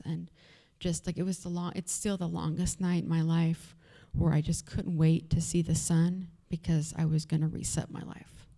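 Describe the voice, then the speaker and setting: At an event venue, a woman with a Texas accent tells an audience her own story, candid and chatty with lots of fillers. Her voice sits low, warm and touched with vocal fry.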